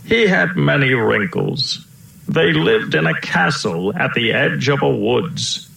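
A man narrating a children's storybook aloud in a steady, storytelling way, in a roomy-sounding recording. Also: mid-range voice, slow, gravelly. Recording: roomy echo.

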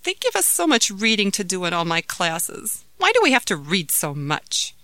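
A woman's voice: medium pitch, very animated, normal speed, fairly bright tone, dry recording, voice pushed up. A woman voicing an eager, curious young girl in a storybook reading.

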